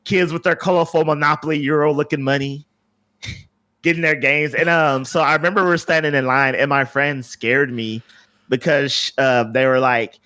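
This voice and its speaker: Bright-voiced man telling a rambling story. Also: fairly high pitch, steady tone, normal speed. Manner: rambling storyteller, many fillers and restarts. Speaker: podcast co-host. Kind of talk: casual podcast chat.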